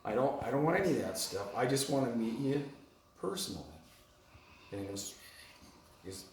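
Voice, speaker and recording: A man's voice: medium pitch, fairly quick, a little hiss or hum. Rambling man telling a story, far off. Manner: rambling, animated, laughs often. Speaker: retreat guest telling his story. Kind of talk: casual storytelling to a group. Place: home on a mountain top. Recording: roomy sound from far off.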